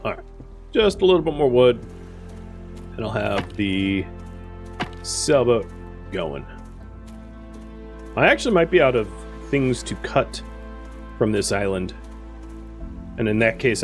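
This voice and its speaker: Brief: male game streamer, animated pitch, casual running commentary, faint music underneath. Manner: chatty, thinks aloud, answers chat.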